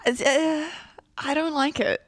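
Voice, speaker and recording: A woman's voice: high-pitched, fairly even intonation, slow pace, no echo, clean studio sound. A young adult woman co-hosting a podcast, chiming in with short, playful replies. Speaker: podcast co-host. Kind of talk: casual podcast chat.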